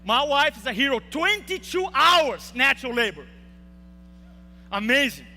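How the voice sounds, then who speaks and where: A man's voice: very high-pitched, sing-song, a little slow, bright, forceful tone. A young man giving a motivational speech in a large hall, telling an emotional story and acting out the quotes. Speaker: speaker. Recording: reverberant hall with faint hum.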